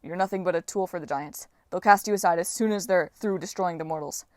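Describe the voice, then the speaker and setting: Woman reading a smooth-talking teen hero. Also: on the low side, a little mellow, no room sound, studio quality, close to an everyday voice. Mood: persuasive. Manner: persuasive, fast-talking. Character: quick-witted teenage male demigod hero.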